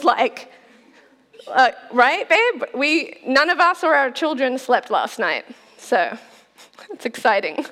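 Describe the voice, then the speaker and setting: A woman in her forties delivers a sermon in a chatty, playful way and laughs easily. Her voice sits high. The church hall around her leaves a long reverb. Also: sharp tone. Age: 40s. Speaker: pastor. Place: church auditorium.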